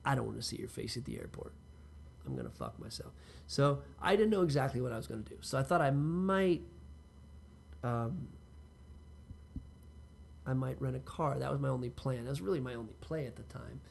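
A man with a gravelly, fry-edged voice at an ordinary middle pitch spins a loose, profane personal story. He talks straight to the listener and wanders into asides, and a faint hum of ambient noise sits behind him. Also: lively intonation, a little fast, long pauses. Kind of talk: casual personal storytelling monologue.

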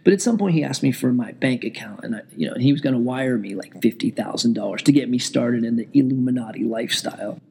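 A man with a gravelly, husky voice tells a story in a loose, rambling way. His tone is dark and mellow, and he swears freely and pokes fun at himself. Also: mid-range voice, quick pace, hardly any pauses. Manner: rambling, profane, self-deprecating. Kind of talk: casual storytelling vlog. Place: indoors at home with TV on.

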